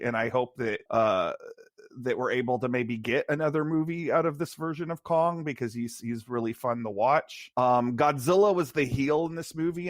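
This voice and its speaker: A man's voice: mid-range voice, no room sound, clean studio sound. A man co-hosting a podcast and discussing a film in a casual, rambling way, with many fillers and restarts. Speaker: podcast co-host.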